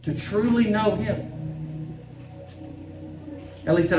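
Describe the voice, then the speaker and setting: A man's voice: high voice, lively intonation, moderate pace, slight background noise. A middle-aged man, preaching a fervent sermon as a pastor and repeating phrases for emphasis. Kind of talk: impassioned sermon. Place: church sanctuary. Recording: echoey church room, distant mic, faint music.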